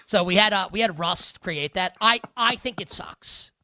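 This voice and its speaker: A man's voice: high voice, moderate pace, sharp tone, no echo. A man hosting a live sports betting show, joking loosely and rambling with restarts. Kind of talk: casual live show chat.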